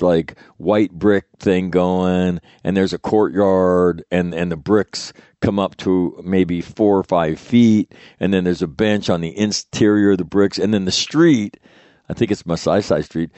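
A man's voice: sits low, steady tone, measured pace, mellow, no echo. A middle-aged man, a former Marine officer, telling a rambling, profane war story with many fillers and restarts. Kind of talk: casual storytelling.

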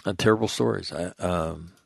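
Man, deep voice, radio talk host, blunt, profane, rambling, dry close sound. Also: moderate pace, gravelly, husky, no room sound. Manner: rambling asides with restarts and repeated phrases. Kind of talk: news rundown with off-the-cuff commentary.

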